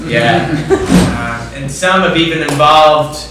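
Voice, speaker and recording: A man's voice: a little high, very noisy. A man in a live improv scene playing a hesitant, stammering tattoo artist. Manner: stammering, halting. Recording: echoey room from far off.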